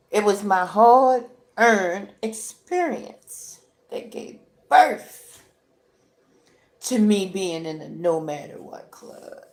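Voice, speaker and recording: A tearful woman speaks slowly and deliberately, crying as she talks. Her delivery is emphatic and repetitive, full of little "right?" check-ins, like a heartfelt motivational talk. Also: medium pitch. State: tearful, crying while talking. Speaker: vlogger.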